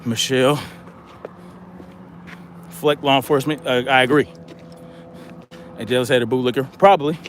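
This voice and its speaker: A man's voice: mid-range voice, fairly even intonation, moderate pace, pauses often, a little hiss or hum. A man hosting a livestream, reading viewer comments aloud and answering them in casual chat. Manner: reads viewer comments aloud and responds conversationally.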